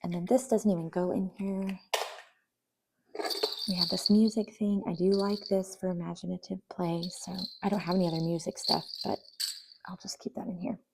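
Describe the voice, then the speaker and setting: Soft-spoken woman with a gravelly low voice. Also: steady tone, moderate pace, heavy background noise. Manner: chatty, soft, often trailing into near-whispers. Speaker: vlogger. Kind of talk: casual voice-over while decluttering.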